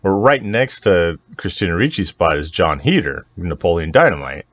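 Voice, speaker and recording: A man's voice: deep voice, moderate pace, dull audio. A man co-hosting a podcast, telling a story casually, laughing often and acting out the people he quotes. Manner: animated, laughs often, acts out voices in quotes. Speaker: podcast co-host.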